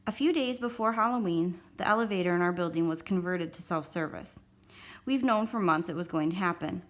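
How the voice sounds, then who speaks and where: A woman reading a children's chapter book aloud as a storytime host, calm first-person narration. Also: fairly low pitch, brisk. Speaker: storytime reader.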